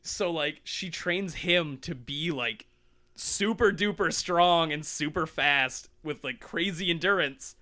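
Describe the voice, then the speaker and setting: A man co-hosting a podcast, retelling a manga in lively casual chat, acting out characters and swearing freely. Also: a little high, slow pace. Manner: animated storytelling, acts out characters, swears. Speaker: podcast co-host.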